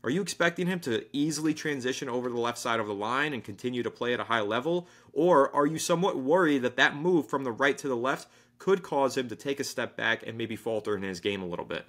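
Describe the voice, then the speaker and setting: Brief: male sports podcast co-host, bright forceful tone, enthusiastic casual football talk. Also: mid-range voice, fast talker, hardly any pauses. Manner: enthusiastic, reads sponsor plug.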